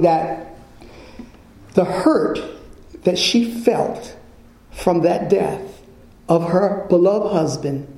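A man preaching a sermon to a congregation in a church, repeating his points slowly and quizzing the listeners with fill-in questions. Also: high voice, vocal fry, dark tone. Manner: slow, emphatic repetition. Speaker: pastor. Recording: echoey church room.

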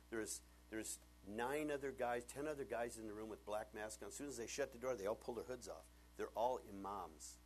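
A man preaching a sermon as pastor, telling stories and swinging from hushed tones up to near shouting. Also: fairly low pitch, slight background noise.

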